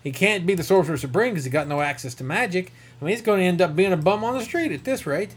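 Man, rural southern american accent, slightly high voice, rambling, self-correcting, podcast host. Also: lively intonation, fast talker, husky. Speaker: comic book podcast host. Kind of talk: casual review chat.

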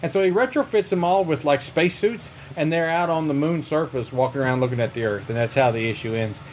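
A man's voice: a little high, quick pace, a little hiss or hum. Chatty man retelling a comic. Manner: animated retelling with character voices. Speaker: podcast co-host. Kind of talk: casual comic book chat.

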